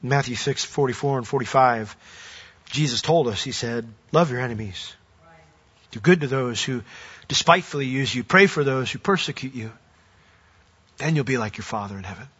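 Male pastor, bright ringing voice, earnest sermon delivery, dull lo-fi sound. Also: medium pitch, lively intonation, normal speed, pauses often, breathy edge. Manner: earnest preaching, rising to emphatic declarations.

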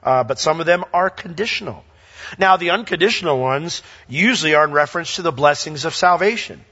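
An animated male pastor preaches with a high, bright voice, reading scripture aloud and acting out little exchanges. His voice rings through a long, reverberant hall. The recording is dull and lo-fi. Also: a little fast. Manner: animated, acts out dialogue and reads scripture aloud. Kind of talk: sermon.

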